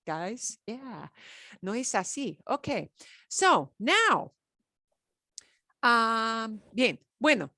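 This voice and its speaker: Lively, encouraging woman Spanish teacher. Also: mid-range voice, no room sound, studio quality. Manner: chatty, encouraging, drills words slowly. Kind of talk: online beginner Spanish class.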